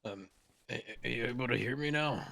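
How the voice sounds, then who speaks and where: A woman voicing a gruff homeless woman in live role-play, anxious and pleading. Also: extremely low pitch, brisk, pitched below the performer's own voice, heavily acted. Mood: hesitant. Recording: loud noise behind the voice.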